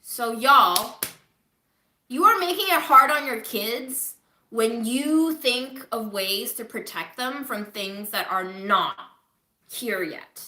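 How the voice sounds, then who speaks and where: A woman's voice: fairly high pitch, slow pace, bright, forceful tone, roomy sound. A woman recovering from covid, chatting candidly to viewers on a home livestream, swearing casually. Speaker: livestreaming vlogger.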